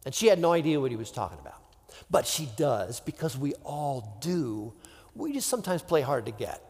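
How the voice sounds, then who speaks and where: A man's voice: medium pitch, big pitch swings, normal speed, a little mellow. A man preaching a casual, conversational sermon as a pastor, with rhetorical asides and frequent restarts. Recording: long hall reverb.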